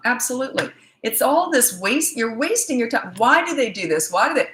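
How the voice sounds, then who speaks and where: Woman parenting coach, casual live Q&A, bright tone, animated storyteller, echoey room. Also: fairly high pitch, brisk, a little hiss or hum. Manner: animated storyteller, laughs often.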